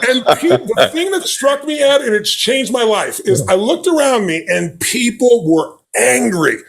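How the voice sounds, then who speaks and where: A man speaks as a podcast guest in conversational storytelling. His voice sits high for a man and swings widely in pitch. He is emphatic and animated, acting out the dialogue he recounts. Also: a little slow, creaky.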